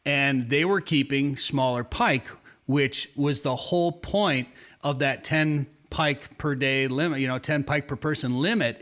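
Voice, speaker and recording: A man's voice: on the high side, bright, forceful tone. A man hosting an outdoors radio show, telling a fishing story in a loose, rambling way with plenty of restarts and repeated words. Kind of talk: casual radio chat.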